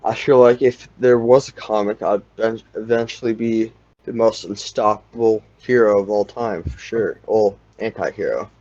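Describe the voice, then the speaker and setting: Rambling young man, low voice, dull sound. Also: moderate pace, a little mellow, no room sound. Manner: rambling, heavy use of "like". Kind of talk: casual chat.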